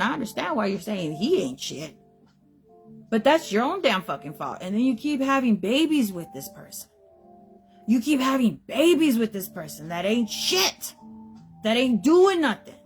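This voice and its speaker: A young woman, hosting a podcast and ranting bluntly about dating, swearing heavily. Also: on the high side. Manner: blunt, emphatic, heavy swearing. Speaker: podcast host. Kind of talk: profane opinion rant.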